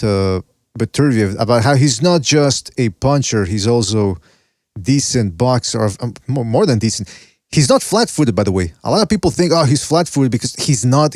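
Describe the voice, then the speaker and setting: A brash man hosting a podcast, swearing freely as he gives shout-outs and talks viewers through clips. His pitch sits in the ordinary middle. The recording is dry and close, with no room sound. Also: no echo. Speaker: boxing podcast host. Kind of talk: casual chat, narrating fight clips.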